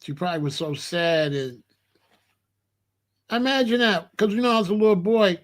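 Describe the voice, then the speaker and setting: A man hosting his own show, telling a personal story with lively, laughing delivery. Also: sits high, moderate pace. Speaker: show host.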